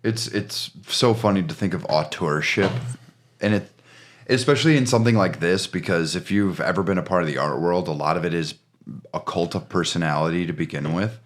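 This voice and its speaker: A man's voice: low voice, fairly quick. A man co-hosting a podcast, joking around and cursing freely in casual chat. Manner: joking, profane. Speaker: podcast co-host.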